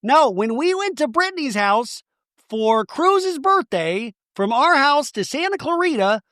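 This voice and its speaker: A man putting on an excitable young man who insists he is right in a high, emphatic, defensive way. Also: measured pace, dry recording, studio quality, full character voice. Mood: insistent.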